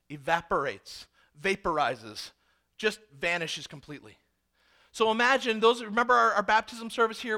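A male pastor preaching a sermon, animated and acting out the people in the story. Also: high voice. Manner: animated, acts out characters.

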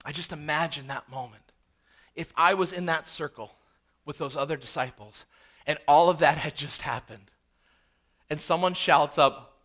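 High-voiced, bright preaching man. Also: moderate pace, long pauses. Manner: dramatic swings between loud emphasis and hushed asides; conversational and storytelling, acts out scenes. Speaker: pastor. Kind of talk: sermon.

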